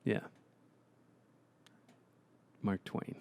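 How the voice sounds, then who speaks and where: A man's voice: drawn-out words, mellow. A young man co-hosting a comedy podcast, teasing his partner and laughing often in casual chat. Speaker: podcast co-host.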